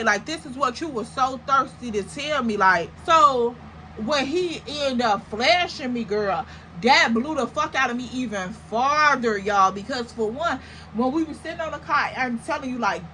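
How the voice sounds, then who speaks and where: A young woman recounts a storytime to camera a little slowly, her voice bright and pitched a touch high. Her delivery is slangy and lively, full of exaggerated comparisons, on poor audio with faint hiss underneath.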